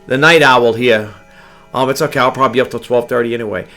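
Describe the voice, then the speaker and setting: A man's voice: medium pitch, quick pace, a bit bright, soft background music. A tired middle-aged man from New York, rambling through stories late at night in his home, often repeating words and drifting between topics. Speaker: online reseller vlogger. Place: home room with a grandfather clock.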